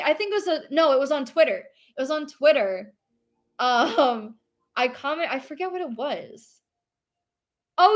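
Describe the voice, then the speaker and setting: A young woman streamer chatting casually and rambling, reading chat aloud and laughing often. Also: a little high.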